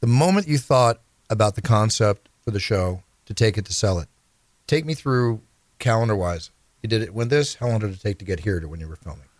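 A man's voice: lowish voice, animated, a little fast, no echo. A man hosting an interview, telling eager stories and asking his guests questions. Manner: eager storyteller, asks questions. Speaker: podcast host.

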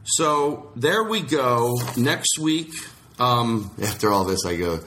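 A man's voice: mid-range voice, lively intonation, slow, a bit bright, a little hiss or hum. A man hosting a podcast in casual chat, rambling and restarting his sentences, slipping into voices when he quotes people. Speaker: podcast host.

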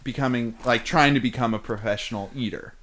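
A man's voice: mid-range voice, a little fast, fairly bright tone. A man with an American accent, co-hosting an improvised comedy podcast in a rambling, playful way and laughing often. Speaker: podcast co-host.

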